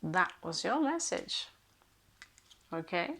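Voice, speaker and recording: A woman's voice: lowish voice, big pitch swings, slow, pushed and bright. A woman hosting a casual rune reading, thinking aloud with many hesitations. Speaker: rune reader and channel host.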